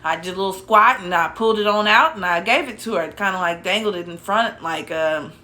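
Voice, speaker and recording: Bright-voiced young woman telling a rambling story. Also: mid-range voice, a little fast. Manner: rambling, many restarts and "like" asides. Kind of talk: casual storytelling.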